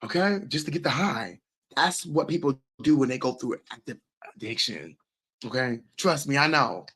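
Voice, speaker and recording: A man's voice: medium pitch, animated, normal speed, a bit bright, husky. A man hosting a casual livestream, reacting to viewer comments with emphatic, repetitive, profanity-laced talk. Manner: emphatic and repetitive, swears freely. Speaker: livestream host.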